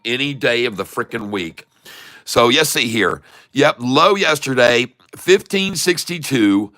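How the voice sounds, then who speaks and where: An older man giving live stock-market commentary on a stream, excitable, boastful and jokey. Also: mid-range voice.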